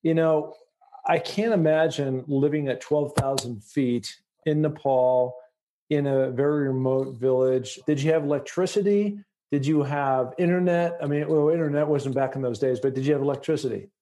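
A man's voice: a little high, steady tone, normal speed, mellow. A middle-aged man from the United States hosting a podcast interview, talking with enthusiasm and rambling with many fillers. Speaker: podcast host.

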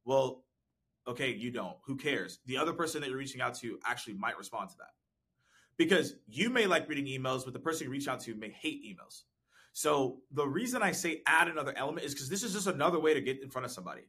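Male podcast guest, quick delivery, bright tone, animated and laugh-prone. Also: medium pitch, husky. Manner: laughs often, animated and talkative. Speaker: podcast guest, sales professional. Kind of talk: casual interview chat. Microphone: desk mic with content gear.

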